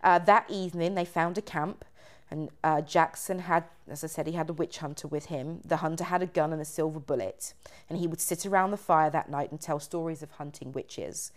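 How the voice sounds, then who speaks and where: Brisk and steady, her voice sitting low, the podcast host chats her way through a ghost story, filling it with plenty of verbal fillers.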